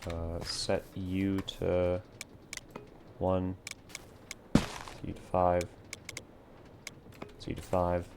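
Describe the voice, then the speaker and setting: A man with a low, gravelly voice talks casually through a live game stream from a warm room at home, half muttering to himself and half chatting with viewers. Keyboard typing and steady noise sit under his voice. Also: extremely slow, pauses often.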